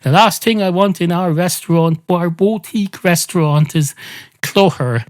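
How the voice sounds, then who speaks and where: A man's voice: high-pitched, normal speed, no echo, pitched above the performer's own voice, natural voice. A man voicing a fussy, disembodied male maître d' who rambles and over-apologizes, in a comedy podcast sketch.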